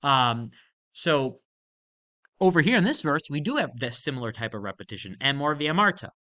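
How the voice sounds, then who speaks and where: Torah teacher, bright edge to the voice, lively pitch that swings high on the points, emphatic and explanatory. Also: moderate pace. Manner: emphatic, animated explaining, casual fillers. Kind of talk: Torah lesson explaining a verse.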